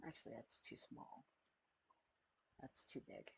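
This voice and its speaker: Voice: measured pace, slight background noise. A streamer chatting casually on a live stream while building an avatar, often muttering to themselves and trailing off mid-thought.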